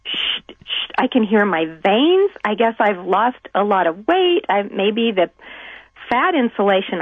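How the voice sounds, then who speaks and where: A woman calling in to a radio show, talking in a worried, halting way. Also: medium pitch, no echo. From Salt Lake City. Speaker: caller. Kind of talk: phone-in conversation. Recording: tinny dry phone line.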